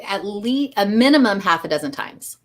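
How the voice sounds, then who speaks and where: A woman book editor talking in a casual interview, animated and acting out voices as she tells stories. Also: mid-range voice, a little fast. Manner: animated, acts out voices when telling stories.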